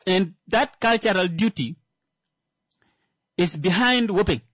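Man with a higher-pitched voice, halting comic rant. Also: lively intonation, a bit bright, no room sound. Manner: halting, full of "uh" fillers, sudden pitch jumps for emphasis. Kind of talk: comedic monologue.

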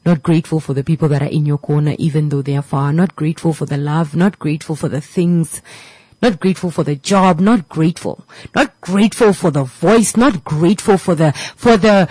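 A radio host with a low, slightly mellow voice gives her listeners a heartfelt, emotional motivational talk at a moderate pace, preachy and repetitive, sometimes dropping to a whisper. The recording is low quality but free of echo.

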